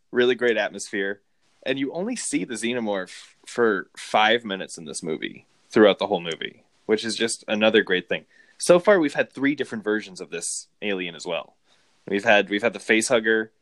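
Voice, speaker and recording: A man casually discussing a movie, rambling and animated. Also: lowish voice, no echo. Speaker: film podcast co-host.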